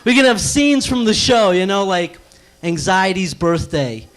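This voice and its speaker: A young man works a small cafe crowd with a nervous, animated stand-up set. His voice sits very high, and he drops into quick sung bits between jokes. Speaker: stand-up comedian. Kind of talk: stand-up comedy routine. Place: small cafe stage with a live audience.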